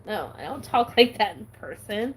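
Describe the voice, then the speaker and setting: A woman's voice: mid-range voice, sing-song, normal speed, slightly rough, poor audio. A woman vlogger chatting casually while she stamps her planner, giggly and talking with a valley-girl lilt.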